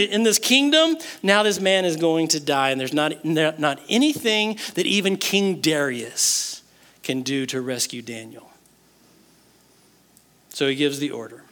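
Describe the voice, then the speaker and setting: A man preaching a sermon, retelling a Bible story in an animated way and acting out the characters' words. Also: sits high. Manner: animated storytelling, acts out the king's and Daniel's words. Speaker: pastor.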